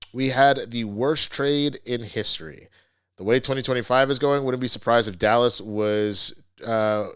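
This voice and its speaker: A man's voice: medium pitch, a bit bright, clear, resonant tone. A man hosting a casual commentary vlog, ranting in a profane, rambling, slangy way. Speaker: host.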